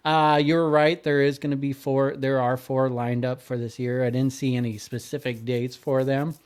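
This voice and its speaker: He's a podcast co-host going over follow-up notes in easygoing talk, reading lists with hesitation and frequent fillers. The voice is a man's, mid-range, level, darkish yet clear and resonant, moving at a moderate pace.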